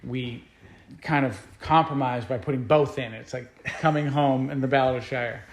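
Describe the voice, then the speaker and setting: A man's voice: mid-range voice, fairly even intonation, moderate pace, roomy sound. A man who is a guest musician, telling stories in a casual interview, rambling along with many fillers and restarts.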